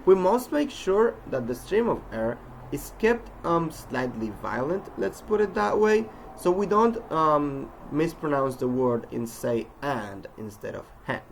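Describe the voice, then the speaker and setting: A man's voice: a little high, animated, a little slow, creaky, slight background noise. A man giving a pronunciation lesson, carefully enunciating example words one at a time. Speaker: pronunciation teacher.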